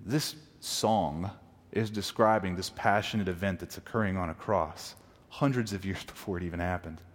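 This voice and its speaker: A man preaching a sermon as pastor, moving between hushed reflection and loud, impassioned scripture reading. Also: sits low, a little fast. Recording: long reverb of a large hall.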